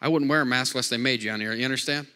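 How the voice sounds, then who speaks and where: A man's voice: medium pitch, rapid-fire, sharp tone, clean tone. Fiery preacher man in a reverberant hall. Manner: jokey, call-and-response preaching with repeated amens. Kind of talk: sermon.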